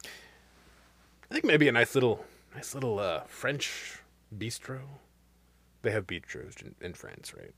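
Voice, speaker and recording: Joking middle-aged man with a lively voice. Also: medium pitch, slow, gravelly, pauses often, breathy edge, no room sound. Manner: joking, animated. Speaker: podcast co-host. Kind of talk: casual podcast chat.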